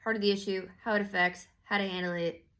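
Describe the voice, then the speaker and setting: A woman's voice: mid-range voice, little pitch movement, fast, fairly bright tone. A woman giving a casual tarot reading, slangy and profane, rambling with lots of fillers and restarts. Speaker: tarot reader.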